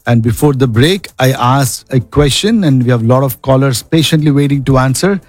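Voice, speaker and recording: A man's voice: mid-range voice, a little fast, dry recording. A man hosting a radio call-in show from a studio, upbeat and reading ads between callers. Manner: upbeat, repeats the call-in number.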